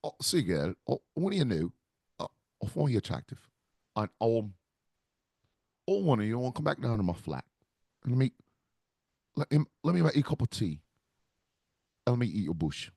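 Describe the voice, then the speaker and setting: A man voicing a smooth-talking, flirty British ladies' man in a low, seductive murmur. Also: sing-song, normal speed, pauses often, mellow, no room sound, clean studio sound, heavily acted.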